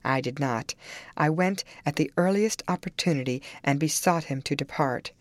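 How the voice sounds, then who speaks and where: Woman narrator, low voice, measured, dramatic, dry close sound. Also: no echo. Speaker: audiobook narrator. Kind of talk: first-person literary narration.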